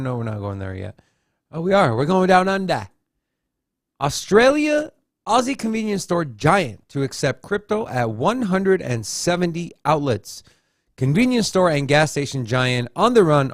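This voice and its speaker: A man's voice: a little high, no room sound, clean studio sound. A man co-hosting a casual crypto news show, reading headlines aloud and tossing in joking asides. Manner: reads headlines then adds joking asides. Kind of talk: casual news read-through with commentary.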